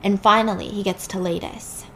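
A woman's voice: medium pitch, fairly even intonation, moderate pace, a bit bright, a little hiss or hum. A young woman casually retelling a movie plot in a chatty, slangy, emphatic way. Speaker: storyteller.

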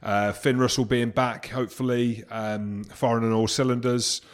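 A man's voice: medium pitch, level tone, moderate pace. Jokey man co-hosting a podcast. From England. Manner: jokey, self-mocking banter. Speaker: podcast co-host. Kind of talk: casual podcast chat.

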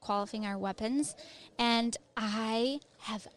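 A woman's voice: a little high, takes it slowly. A woman in her thirties, an Army veteran, chatting casually as an interview guest and filling her talk with "like" and "um". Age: 30s. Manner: chatty, many fillers of "like" and "um".

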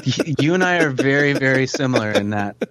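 Male musician guest, animated, mid pitch, dry home mic. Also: brisk, no room sound. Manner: animated, gestures while talking. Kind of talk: casual interview chat. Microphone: desk microphone.

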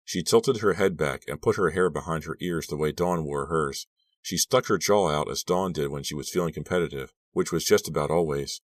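A man narrating an audiobook in a steady, even reading. His voice is deep and low. The recording is dry and close, with no room sound. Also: normal speed, no room sound. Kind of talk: scripted narration.

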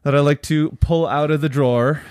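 A man co-hosting a casual family chat, easygoing and quick to laugh. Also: a little high, steady tone, darkish tone, clear, resonant tone, no echo. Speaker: podcast co-host and father.

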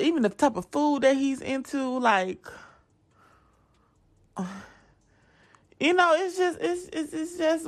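A young woman hosts her podcast in a loose, chatty way, speaking straight to her listeners. Her voice sits fairly high and swoops widely as she talks. She restarts sentences often and rambles from point to point. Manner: chatty and animated, addresses listeners directly, frequent restarts. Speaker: podcast host. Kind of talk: casual chat.

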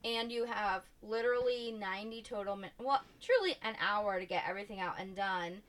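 A young woman comedian in casual podcast chat, loose and swearing, with quick asides and laughs. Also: mid-range voice, fairly bright tone.

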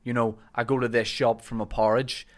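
A man's voice: medium pitch, flat delivery, fairly quick. A man with a wry, teasing manner, chatting casually on a comedy podcast. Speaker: podcast host or guest comedian.

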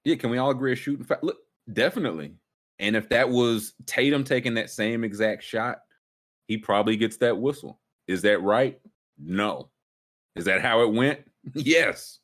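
A man hosting a casual sports talk show, ranting with big swings up in pitch when worked up. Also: animated, normal speed, a bit bright. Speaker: sports podcast host.

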